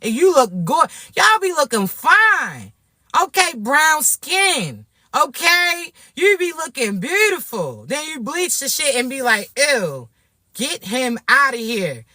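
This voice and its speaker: A woman from Florida, ranting to camera in a brash, profane, animated way. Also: high voice, slow pace, dry recording, studio quality. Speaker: vlogger. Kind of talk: casual rant to camera.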